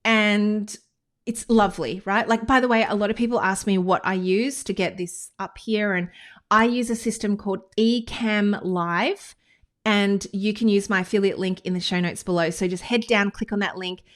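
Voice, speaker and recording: A woman with an Australian accent, a business coach giving a casual, chatty lesson to camera, full of quick asides and enthusiasm. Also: medium pitch, steady tone. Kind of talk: casual teaching monologue to camera. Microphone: screen-recorded talking head with whiteboard.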